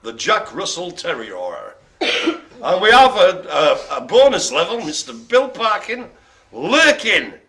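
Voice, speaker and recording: A man's voice: fairly high pitch, bright, forceful tone. A man calling bingo as host, joking and laughing through playful banter. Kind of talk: jokey live bingo calling.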